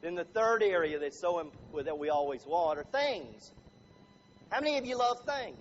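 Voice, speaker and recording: A man's voice: high voice, very animated, moderate pace. A man giving a humorous talk as a motivational speaker, chatty and quizzing the room with show-of-hands questions. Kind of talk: humorous live talk to an audience. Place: room with a live audience. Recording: dull lo-fi recording with faint noise.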